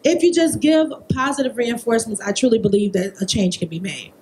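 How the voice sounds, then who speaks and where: A woman in her thirties, a behavior therapist on a festival panel, telling a personal story in an animated, emphatic way. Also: a little high, brisk, background noise.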